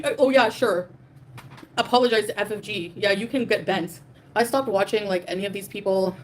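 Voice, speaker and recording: A woman's voice: mid-range voice, slight background noise. A young adult woman hosting a livestream, ranting defiantly and profanely at her chat, with many fillers. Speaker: livestream host. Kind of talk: livestream rant reading super chats.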